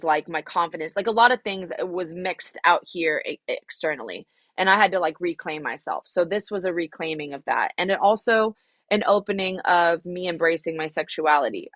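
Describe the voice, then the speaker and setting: Woman, young adult, low pitch, frank reflective interview talk, dry recording. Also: fairly bright tone, no echo. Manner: reflective, frank, swears freely, many fillers. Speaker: singer-songwriter guest. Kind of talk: candid interview answers.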